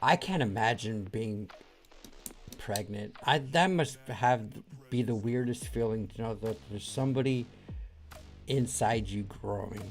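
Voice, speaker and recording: Gravelly casual livestream host guy. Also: fairly low pitch, unhurried, faint music behind. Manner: loose, swearing, lots of fillers like dude and bro.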